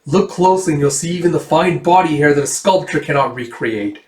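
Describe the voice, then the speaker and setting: A man voicing a cruel aristocratic baron who gloats in a smooth, menacing way, in an echoey room. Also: on the high side, a little fast, natural voice. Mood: gloating. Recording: echoey room, far from mic.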